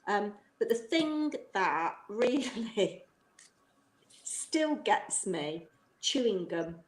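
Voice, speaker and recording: A woman's voice: medium pitch, very animated, very slow. Chatty woman in a roomy echo. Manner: rambling, chatty, laughs often. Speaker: guest, former teacher. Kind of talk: casual chat on a live stream.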